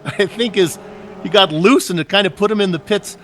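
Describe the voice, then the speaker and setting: A man's voice: sits high, brisk, fairly bright tone, a little hiss or hum. A man doing casual, joking color commentary on a sim race, chatty and full of asides.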